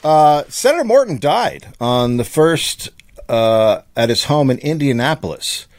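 Man co-host, deadpan newspaper reader, animated intonation, dry close sound. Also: fairly high pitch, a little slow, no room sound. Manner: reads news items aloud, dry and matter-of-fact. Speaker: co-host reading old newspaper stories. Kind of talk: casual comedy podcast chat.

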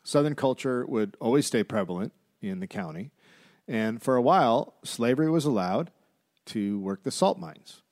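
A man co-hosting a comedy history podcast, reading out his research with steady, deadpan asides and plenty of "uh"s. His pitch moves around a lot as he talks, and the recording is close and dry with no room sound. It sounds like loose, casual chat between friends. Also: moderate pace, dry recording. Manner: reads out history notes with filler "uh"s, dry asides.

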